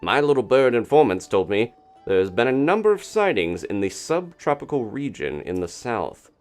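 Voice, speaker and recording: A man's voice: medium pitch, sing-song, normal speed, faint music behind, pitched above the performer's own voice, close to an everyday voice. A man voicing a chatty male pelican newspaper reporter in a folksy reporter voice, full of bird puns. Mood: eager.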